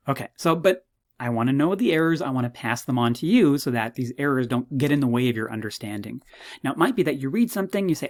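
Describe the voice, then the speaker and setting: A man teaching a university psychology course, walking students through his course website in a chatty, self-mocking way, full of jokey asides and sudden jumps in pitch. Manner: quick, animated delivery with sudden pitch jumps. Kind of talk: recorded course walkthrough lecture.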